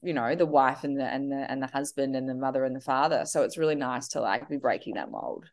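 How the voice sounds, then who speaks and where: Animated woman in her thirties. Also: rumbling low, fast. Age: 30s. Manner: animated, acts out her kids' voices. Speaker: guest. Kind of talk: casual conversation.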